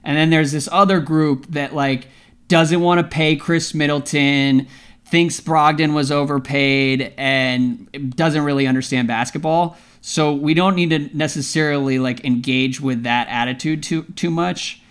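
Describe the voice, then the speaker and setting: Brief: male podcast co-host, slightly high voice, rambling self-deprecating sports chat. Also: steady tone, measured pace, fairly bright tone, smooth.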